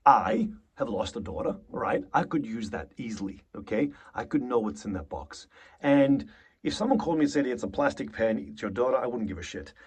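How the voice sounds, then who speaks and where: A man's voice: medium pitch, big pitch swings, normal speed, breathy edge. A man coaching actors, talking animatedly and acting out short example lines, swearing freely. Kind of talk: acting lesson to camera.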